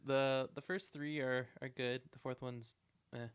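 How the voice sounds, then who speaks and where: A young man chats loosely as a podcast co-host, wandering through his points with plenty of fillers. His voice is smooth and clear, and it sits at an ordinary pitch for a man. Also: level tone, a little slow. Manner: rambling, lots of "like" fillers. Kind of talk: casual chat.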